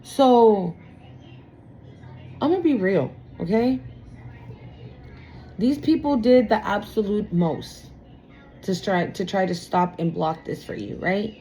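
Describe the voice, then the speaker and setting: A woman's voice: mid-range voice, slow pace, pauses often, warm tone, slight background noise, low-quality recording. A woman giving a casual tarot reading to her viewers, blunt and emphatic, swearing freely and calling them y'all. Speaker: tarot reader.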